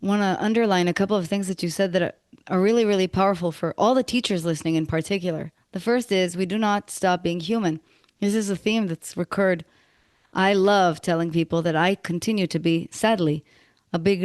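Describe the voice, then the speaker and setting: A woman's voice: on the low side, no echo, clean studio sound. A woman hosting a coaching podcast, reflecting at length and affirming her guest. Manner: warm affirmations, reflective, quotes philosophers. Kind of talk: interview conversation.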